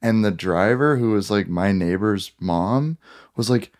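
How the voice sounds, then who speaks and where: A young male co-host with a fairly low voice tells a story in easygoing podcast chat. He is casual and pokes fun at himself. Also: unhurried, darkish tone. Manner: easygoing, self-deprecating storytelling.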